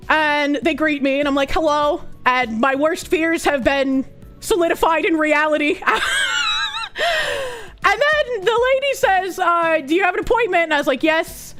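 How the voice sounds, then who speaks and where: A young woman streamer with a very high voice tells a story in casual chat, lively and profane, often laughing and acting out the people in it. Faint music plays behind her. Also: measured pace.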